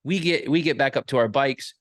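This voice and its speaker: A man in his thirties speaks at a mid-range pitch, earnest and conversational as he shares a personal story. His delivery gets animated during the story and is full of small restarts. The sound is close and dry. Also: brisk, no echo. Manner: earnest, animated when telling stories, frequent restarts. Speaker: associate pastor and author.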